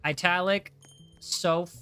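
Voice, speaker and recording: A young man hosting a casual game livestream, reading chat aloud in an excitable, jokey way with frequent restarts. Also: sits high, takes it slowly, clean tone, soft background music. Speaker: livestream host.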